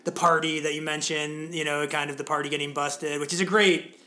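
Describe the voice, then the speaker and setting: Man in his forties, podcast co-host, casual rambling chat, lots of fillers, fairly high voice. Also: level tone, brisk, bright, forceful tone. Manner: rambling, many fillers and restarts.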